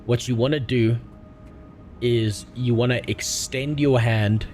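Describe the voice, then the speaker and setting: A young adult man streaming a game, chatting casually in a rambling way with crude deadpan jokes. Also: mid-range voice, takes it slowly, soft background music. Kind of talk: casual chat while gaming.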